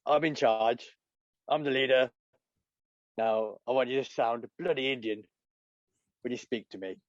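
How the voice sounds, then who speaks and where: A man's voice: mid-range voice, unhurried, dry recording, muffled recording, close to an everyday voice. A man putting on the voice of a blustering, bossy male political leader barking orders.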